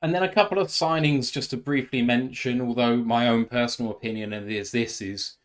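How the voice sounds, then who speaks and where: A man's voice: mid-range voice, fairly even intonation, moderate pace. A British man hosting a sports podcast, giving information and reading out facts and figures. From United Kingdom. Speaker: podcast host. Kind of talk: casual sports podcast chat.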